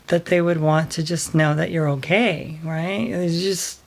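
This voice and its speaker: A woman telling a personal story in a vlog, soft and hesitant, pausing often with fillers. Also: deep voice, fairly even intonation, creaky. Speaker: vlogger.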